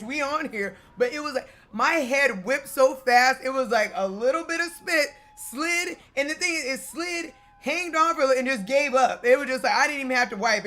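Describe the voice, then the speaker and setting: A woman vlogger casually telling a lively, slangy story, cussing and breaking into laughter. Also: a little high. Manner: animated, slangy, cusses, laughs often.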